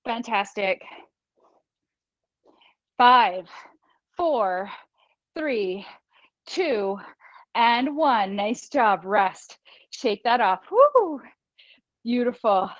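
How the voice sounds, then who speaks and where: A high-voiced female fitness instructor runs an online workout from a small studio room, counting down reps, cheering her class and laughing easily. She speaks very slowly with long pauses and a relaxed feel. The audio is dry and slightly dull like a streamed call, with no echo.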